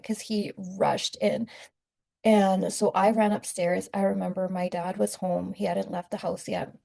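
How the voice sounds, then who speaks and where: Gravelly young woman telling her story. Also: medium pitch, little pitch movement, unhurried, mellow. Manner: candid, conversational, many fillers. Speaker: vlogger sharing her testimony. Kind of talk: casual personal testimony.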